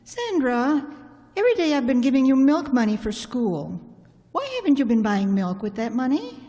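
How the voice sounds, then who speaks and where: A woman playing an anxious stepmother who tries hard to be patient, speaking gently and hesitantly in an amateur radio drama. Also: high-pitched, big pitch swings, moderate pace, in a large hall. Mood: firm.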